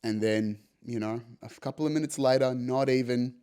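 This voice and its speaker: A man in his young adult years talks through a personal story on his podcast, loose and animated. He swears freely and leans on "you know" and "right?" as he goes. His voice sits at an ordinary middle pitch. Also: normal speed, smooth. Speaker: podcast host. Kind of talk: casual storytelling monologue.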